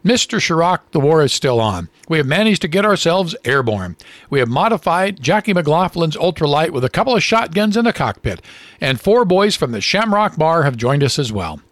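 A man's voice: on the high side, very animated, moderate pace, a bit bright, no echo, voice pushed up. A man voicing a cheeky Irish pub man with an Irish accent and folksy, jaunty exclamations.

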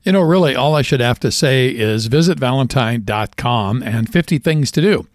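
A man's voice: medium pitch, expressive, moderate pace, no echo. A man co-hosting a short radio segment, reading a sponsor spot and telling a joke in a folksy way. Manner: folksy storyteller doing character voices in a joke. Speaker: co-host.

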